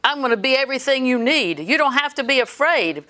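A woman's voice: sits high, expressive, fairly quick, sharp tone. A woman preaching a sermon in an earnest storytelling way, quoting scripture as she goes.

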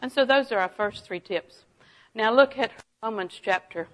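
A middle-aged woman preaching a sermon, folksy and animated, often laughing and dropping to a hush for asides. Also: fairly high pitch, moderate pace, poor audio. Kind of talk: sermon with personal stories.

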